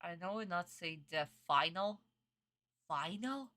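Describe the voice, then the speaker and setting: Bright-voiced woman ranting at a cartoon. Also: on the low side, expressive, a little slow. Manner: exasperated, swearing, laughing outbursts. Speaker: streamer reacting to an anime dub. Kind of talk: casual reaction commentary.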